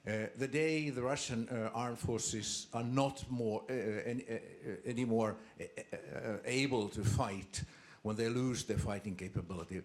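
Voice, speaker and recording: A man's voice: mid-range voice, normal speed, hardly any pauses. An older man, a former ambassador, commenting from the floor at a seminar, hesitant with many fillers.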